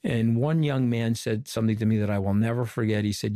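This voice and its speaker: A middle-aged man from Long Island, New York, a former communications director, speaks fairly quickly in a lowish voice as a guest in a conversational storytelling interview. He animatedly recounts events, acting out the people he quotes in bits of dialogue. The sound is dry, with no echo or room around it.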